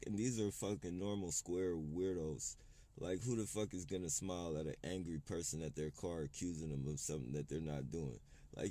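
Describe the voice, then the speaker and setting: Deep-voiced man ranting, profane and heated. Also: warm tone. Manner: profane, heated, rambling with many restarts. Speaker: vlogger. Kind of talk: unscripted rant to camera.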